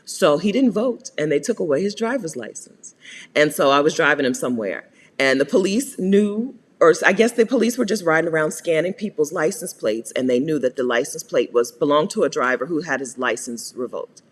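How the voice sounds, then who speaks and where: Chatty American woman, lively voice. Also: low-pitched, fairly quick, long reverb tail, slight background noise. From United States. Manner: chatty, laughs often, greets viewers by name. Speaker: host answering viewer questions. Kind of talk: live Q&A chat.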